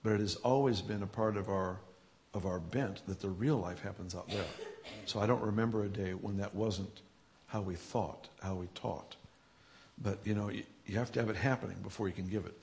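Church leader, male, gravelly voice, interview storytelling with chuckles, builds to lively energy. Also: lowish voice, a little fast. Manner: storytelling, chuckling, grows animated and loud. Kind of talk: telling healing testimonies in an interview.

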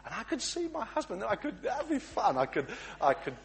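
A man's voice: sits high, huge pitch swings, fairly quick, creaky, pitched above the performer's own voice, exaggerated voice. A man voicing a flustered housewife whose prayers keep rambling off onto errands, full of self-interruptions and hesitations. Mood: scatterbrained. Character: flustered distracted praying housewife.

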